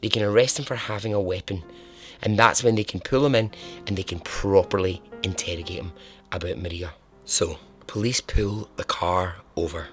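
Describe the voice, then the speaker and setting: A man's voice: sits low, normal speed, fairly bright tone, faint music behind. A man hosting a podcast, telling a true-crime story in a casual, chatty way, laughing and swearing now and then. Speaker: podcast host.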